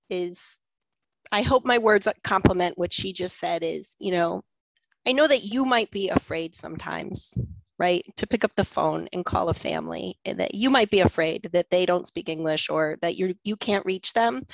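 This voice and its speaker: Program coordinator, woman, friendly conversational panel talk, some vocal fry, dry sound. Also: medium pitch, dry recording, rough recording. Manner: conversational, encouraging, "you know" and "right?".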